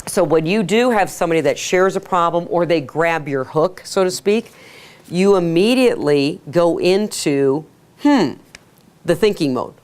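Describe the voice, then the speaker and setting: A woman teaching a sales workshop to a live audience, energetic, asking the room questions and acting out quotes. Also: on the low side, normal speed. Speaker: sales trainer. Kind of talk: workshop lecture.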